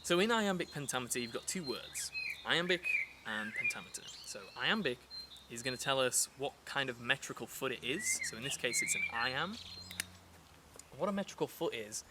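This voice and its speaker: A man's voice: mid-range voice, very animated, moderate pace, very noisy. Chatty male poetry teacher outdoors. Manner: chatty and explanatory, with many fillers and restarts. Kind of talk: casual spoken lesson. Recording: outdoor recording with clear nature sounds behind. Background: birds and rural ambience.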